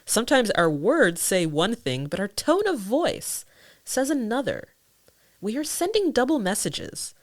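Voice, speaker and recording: Woman, podcast host, casual chat, frequent laughter, swooping pitch, dry close sound. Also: a little slow, no room sound. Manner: laughs often, animated.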